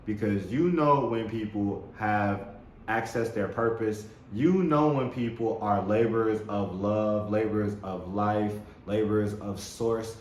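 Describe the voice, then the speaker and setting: Man, low-pitched, spiritual self-help host, enthusiastic, repetitive phrasing, echoey room, faint hiss. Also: unhurried, a little mellow. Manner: enthusiastic, repeats words, laughs often. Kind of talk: motivational spiritual talk. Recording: roomy echo with faint background noise.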